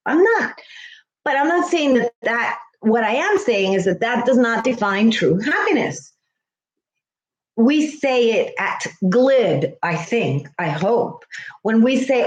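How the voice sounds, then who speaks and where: A woman's voice: on the high side, expressive, slow pace, echoey room. A woman schoolteacher chatting earnestly with her viewers, heartfelt and repeating herself for emphasis. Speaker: schoolteacher and vlogger. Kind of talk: casual livestream chat with viewers.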